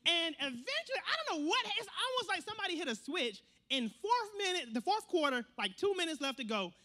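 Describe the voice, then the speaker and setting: A man preaching a sermon in an animated way, repeating phrases and acting out quotes. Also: very high-pitched, brisk.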